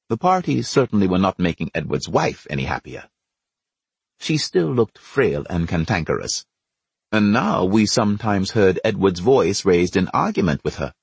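Husky man narrating a storybook. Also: low voice, big pitch swings, dry recording. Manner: measured, storytelling. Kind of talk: audiobook narration.

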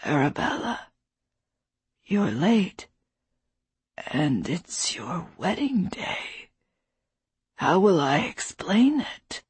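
A woman voicing a weak, dying older father who drifts in and out of confusion, speaking in a faint, breathy whisper. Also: on the low side, big pitch swings, extremely slow, pauses often, no room sound, heavily acted. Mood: confused.

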